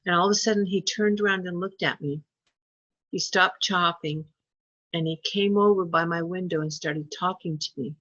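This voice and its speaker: A woman's voice: on the low side, normal speed, dry recording, lo-fi sound. A woman telling a long personal story in casual chat, acting out what people said. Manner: chatty, animated when quoting people.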